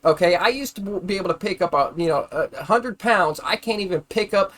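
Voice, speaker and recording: A man's voice: high voice, brisk, hardly any pauses. A man ranting angrily on a live stream, swearing constantly and repeating himself as he gets heated. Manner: heated, profane, repetitive, grows louder when angry. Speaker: livestreamer. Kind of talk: angry live-stream rant.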